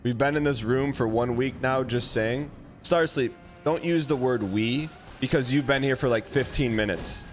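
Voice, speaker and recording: A man live-streaming a video game, chatting casually and teasing his chat with quick comebacks. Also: medium pitch. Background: game music.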